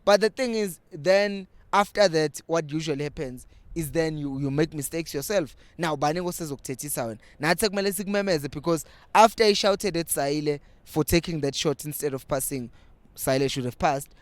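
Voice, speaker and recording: Young South African man, fan-channel host; slightly high, animated, dry close recording. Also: brisk, dry recording. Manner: animated, switching between English and Zulu. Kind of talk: casual fan commentary.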